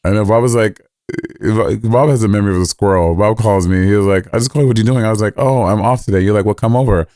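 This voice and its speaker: A man's voice: on the low side, fast, dark tone, smooth, no echo, studio quality. A man co-hosting a podcast in a sassy, teasing casual chat. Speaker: podcast co-host.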